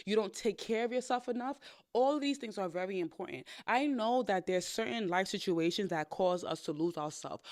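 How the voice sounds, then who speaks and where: A woman hosting a podcast, giving candid dating advice in a blunt, sassy, profane big-sister way with animated storytelling. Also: fairly low pitch, dry recording, clean studio sound. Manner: animated storytelling with playful quoted voices. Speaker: podcast host.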